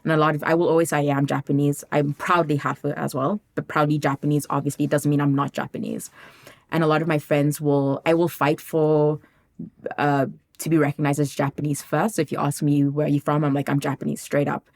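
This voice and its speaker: A woman from South Africa chatting casually on a podcast, telling stories with lively, acted-out quotes. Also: sits low, brisk. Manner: animated storytelling, acts out quoted people. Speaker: podcast guest.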